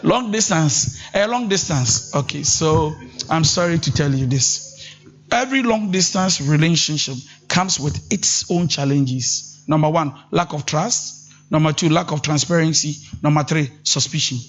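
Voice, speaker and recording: A man giving lively relationship advice, slipping into sung mimicry and laughter. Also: a little slow. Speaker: relationship counselor. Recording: muffled low-fidelity audio with faint music.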